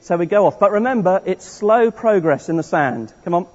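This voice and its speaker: In a large church hall, a man with a high-pitched, animated voice leads an interactive all-age service, guiding the congregation through a story at a moderate pace. He is playful and encouraging and often restarts his sentences. The recording is dull and echoey, captured from a distance.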